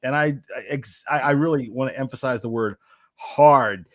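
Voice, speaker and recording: A man co-hosting a sports podcast, talking loudly and joking with plenty of swearing. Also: mid-range voice, quick pace, dry recording. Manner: loud, profane, joking. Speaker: podcast co-host. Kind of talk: casual sports podcast chat.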